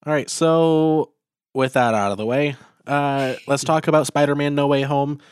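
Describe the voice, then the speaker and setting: A man's voice: fairly high pitch, steady tone, normal speed, clear, resonant tone. A young man co-hosting a podcast in casual chat, making dry, matter-of-fact quips. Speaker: podcast co-host.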